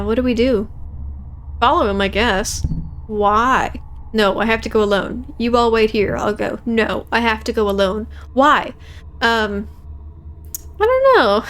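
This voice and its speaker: A woman's voice: fairly high pitch, fairly bright tone. A young woman playing a game, reading every character's dialogue aloud in her own voice and joking casually between lines. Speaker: let's play streamer.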